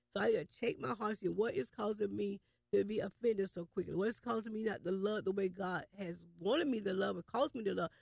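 Man, faith broadcast co-host: high, gravelly voice, earnest and halting delivery. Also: no echo. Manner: earnest, halting, with many restarts and inner-dialogue asides. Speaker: prophet co-hosting a faith broadcast. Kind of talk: informal preaching on a broadcast.

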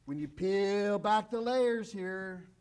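Slow and smooth, a male pastor delivers an emphatic sermon, repeating important phrases and often lowering to a quiet, deep hush.

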